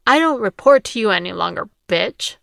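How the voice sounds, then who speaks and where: A woman's voice: mid-range voice, expressive, normal speed, vocal fry, no room sound, clean studio sound. A woman reading the lines of a scornful, violent middle-aged man in a storybook reading. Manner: taunting, shouting insults. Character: angry violent man, father, scornful bully.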